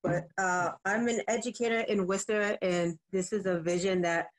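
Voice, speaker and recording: Woman, educator, poet, middle pitch, laid-back talk, spoken word, phone on a video call. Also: fairly even intonation. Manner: laid-back and emotional in chat, slow and forceful when reciting. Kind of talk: casual chat and spoken word poetry.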